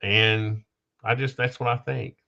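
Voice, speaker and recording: A man hosting a casual podcast conversation, talking haltingly with restarts, losing his train of thought and coughing now and then. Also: lowish voice, steady tone, gravelly, sharp tone. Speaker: podcast host. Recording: dull lo-fi sound.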